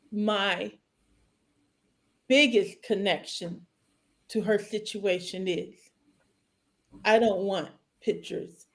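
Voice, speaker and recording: A middle-aged woman co-hosting a podcast, sharing a painful personal story in a halting, tearful way and sounding choked up. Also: mid-range voice. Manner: halting and tearful, speaking slowly with long pauses. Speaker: podcast co-host. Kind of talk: emotional personal testimony.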